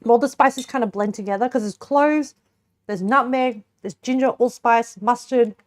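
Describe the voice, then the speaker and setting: A young woman streamer with a slightly high voice chats casually with her viewers at a moderate pace. She cooks and tastes a pie, giggling now and then and talking to chat while she eats.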